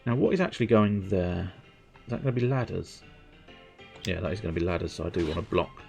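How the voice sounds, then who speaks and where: A man's voice: deep voice, lively intonation, a little fast, creaky, darkish tone, soft background music. A man doing joking, sweary commentary while streaming a building game. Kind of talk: casual gameplay commentary.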